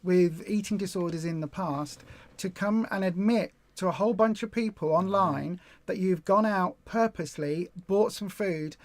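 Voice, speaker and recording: A woman's voice: on the low side, normal speed, darkish tone, dry recording. Effusive woman hosting a live stream. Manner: emotional, effusive, repeats herself. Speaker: host of a weight loss support group live stream. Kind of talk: casual live stream chat.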